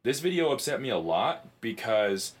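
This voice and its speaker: Animated, foul-mouthed male podcast host. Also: medium pitch, moderate pace. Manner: profane, excitable storytelling. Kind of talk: casual chat.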